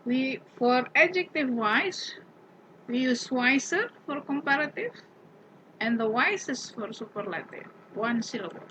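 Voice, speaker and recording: Woman grammar teacher, unhurried and questioning, somewhat muffled recording. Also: high-pitched, lively intonation, bright, forceful tone, a little hiss or hum. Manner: patient, repeats example words with rising emphasis; asks the class questions. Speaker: English teacher. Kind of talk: grammar lesson.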